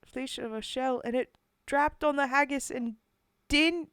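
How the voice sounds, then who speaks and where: A woman reading a war poem aloud in a put-on Scottish accent, loud and dramatic. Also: sits high, fairly even intonation, a little slow, smooth, dry recording, voice pushed up. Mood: rousing. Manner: loud, rolling, dramatic recitation.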